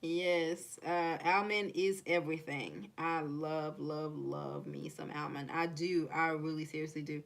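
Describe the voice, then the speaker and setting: A young woman with a mixed Haitian and Kentucky accent chats loosely with her live-stream viewers, rambling between thoughts, reading their comments aloud, and giggling in frequent asides. Her voice is a little low for a woman, with a steady tone, measured pace, and hardly any pauses.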